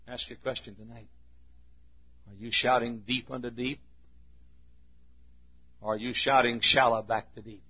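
A man's voice: mid-range voice, husky. A man preaching a sermon in a church with an emphatic, repetitive cadence. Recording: muffled lo-fi recording.

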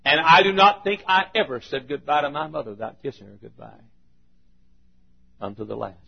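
An older man preaching a sermon, telling a personal story, moving from quiet storytelling to loud, emphatic bursts. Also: fairly high pitch, expressive, fairly quick, creaky. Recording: dull lo-fi sermon recording.

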